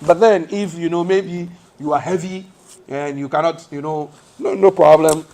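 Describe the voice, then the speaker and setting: A fairly high-voiced man gives a mosque lesson. He quizzes his listeners with rhetorical questions and answers them himself. He walks through each point step by step. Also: fairly even intonation, moderate pace, darkish tone, slight background noise. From West Africa. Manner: explains step by step, shows hand positions as he speaks. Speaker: Islamic teacher.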